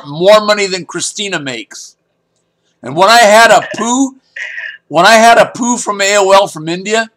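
A man's voice: on the high side, a bit bright. A man hosting a prank phone call, pushy and teasing, who keeps talking over the other caller. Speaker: prank-call show host.

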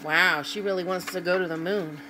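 A woman's voice: on the low side, steady tone, a little fast, noisy background. A woman reading a picture book aloud to children, stopping to ask young listeners about the pictures. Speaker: children's read-aloud host.

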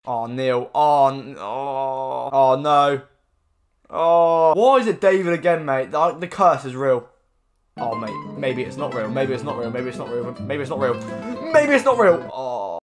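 Man, gaming YouTuber, casual commentary, rambling, excitable outbursts. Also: medium pitch, unhurried, faint music behind. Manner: rambling, filler-heavy, bursts into excited shouts.

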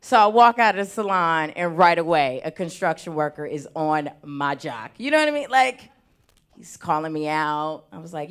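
Animated woman doing stand-up comedy. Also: fairly low pitch, moderate pace. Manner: lively, animated delivery with big swings in loudness. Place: theater stage before a live audience.

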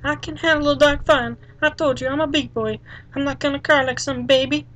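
A small boastful boy from a video game, as a gamer puts him on, piping up high and eager. He talks in a chirpy, childish way, insisting he is brave. His lines come in short excited bursts. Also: fairly quick, dull audio. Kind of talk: reading game dialogue aloud.

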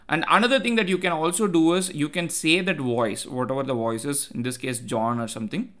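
A man's voice: a little high, fairly bright tone. Man casually explaining code on screen. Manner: explanatory, loose, many fillers like "uh" and "like"; talks to himself while looking things up. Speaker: tech tutorial host. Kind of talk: casual screen-share coding walkthrough.

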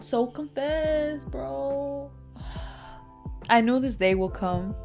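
A young woman reacting to a show on camera, her voice pitched a little high. She gets excitable and emotional and drops slang as she talks, with music from the show playing behind her. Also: very slow, vocal fry, pauses often. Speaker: reaction video host. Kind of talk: casual reaction commentary.

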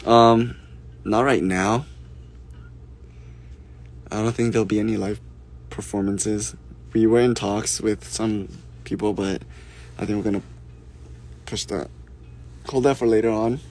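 A man responds to fan questions during a relaxed live stream, voicing each question before giving his gentle, unhurried answer. His voice is lowish and his tone steady.

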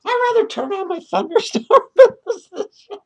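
A man's voice: very high voice, sing-song, moderate pace, vocal fry, a bit bright, exaggerated voice. A man voicing a lonely woman clown who reviews movies and rants with profanity, laughing between lines. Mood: annoyed ranting. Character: foul-mouthed lonely woman clown, ranting film critic. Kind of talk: comic character movie review rant.

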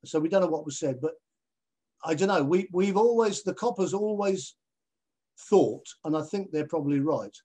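Man, slightly high voice, animated anecdotes, TV presenter, acts out voices, video call. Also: moderate pace. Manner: animated, acts out other people's voices in his stories. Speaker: television presenter guest. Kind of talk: anecdotal storytelling in a conversation.

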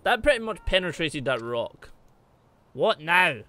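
A man's voice: on the high side, big pitch swings, a little slow, noisy background. A man commenting on his own gameplay, muttering to himself and cracking jokes at his enemies. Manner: chatty, muttering to himself, jokey asides to enemies. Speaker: gaming let's play host. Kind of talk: let's play commentary.

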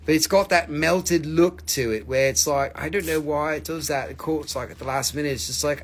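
A man's voice: a little high, moderate pace, hardly any pauses. A man hosting a live crystal sale, chatting casually, teasing viewers and swearing freely. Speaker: livestream crystal seller. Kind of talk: casual live sales chat.

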